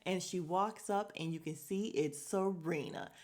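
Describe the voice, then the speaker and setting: A young woman hosting a casual podcast recap, animated and swearing freely, acting out scenes in quick little voices. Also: on the low side. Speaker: podcast host.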